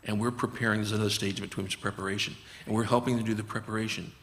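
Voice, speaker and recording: A man's voice: fairly low pitch, level tone, very fast, a bit bright, in a large hall. A man, a physician guest, talking earnestly and explaining his approach, often acting out conversations with patients. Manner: earnest, acts out dialogues with patients.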